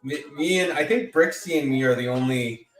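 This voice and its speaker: Faint music plays behind this Canadian-accented livestream host as he laughs a lot and welcomes chat viewers by name in a casual way. His voice is mid-range and moderately paced.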